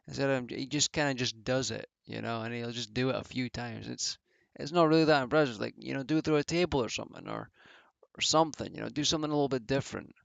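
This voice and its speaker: A man's voice: mid-range voice, gravelly, dry recording. A man giving casual solo commentary as a wrestling reviewer, rambling and offhand with many fillers. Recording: dull lo-fi home mic.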